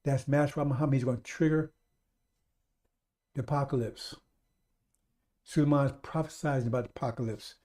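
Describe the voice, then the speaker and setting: A man's voice: mid-range voice, fairly even intonation, normal speed, pauses often, mellow. A man preaching a radio sermon, emphatic and repetitive, speaking straight to his listeners.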